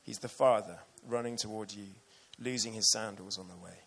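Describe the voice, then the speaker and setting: Male preacher, sermon, gravelly voice, lowish pitch, earnest and emotional. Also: moderate pace. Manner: earnest, emotional, reads passages aloud.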